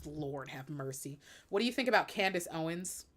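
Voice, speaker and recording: A woman's voice: sits low, expressive, normal speed. A woman hosting a live stream, talking bluntly and emphatically in an opinionated, sassy way. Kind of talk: opinionated casual chat.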